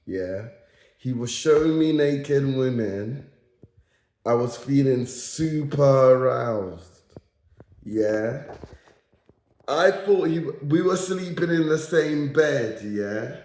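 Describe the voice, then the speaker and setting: A man's voice: mid-range voice, a little mellow. A young man telling a story casually, repeating lines for emphasis and checking in with "yeah?". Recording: echoey room.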